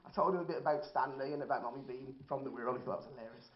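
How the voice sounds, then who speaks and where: A man's voice: a little high, expressive, rapid-fire, hardly any pauses. A man, telling a dry, self-deprecating stand-up comedy set in an indoor hall. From Birmingham, England. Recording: roomy, dull lo-fi hall recording.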